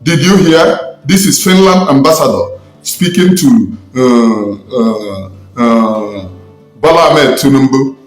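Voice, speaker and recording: A man's voice: medium pitch, expressive, takes it slowly. A man with a Nigerian accent, a self-styled spiritualist, angrily preaching and scolding his listeners in an impassioned online rant. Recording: echoey room with faint music.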